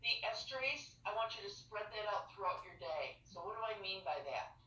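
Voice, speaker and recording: A woman nurse explains a medication calendar step by step in a bright, crisp voice, checking in after each point. The sound comes through a video call, echoey and a little far from the mic. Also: mid-range voice, animated, normal speed. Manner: patient, step-by-step, checks understanding with "okay?". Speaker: fertility nurse.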